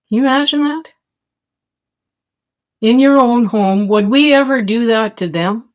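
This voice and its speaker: A woman speaks in a slow, deliberate way, pressing every point with urgency. Her monologue is emphatic and addressed straight to her listeners, as if pleading with them to act. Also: fairly high pitch. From Canada. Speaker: podcast host. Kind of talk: impassioned monologue.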